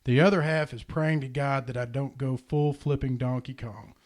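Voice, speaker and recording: A man telling a heartfelt personal story in a casual podcast chat, earnest and animated. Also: medium pitch, moderate pace. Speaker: podcast host.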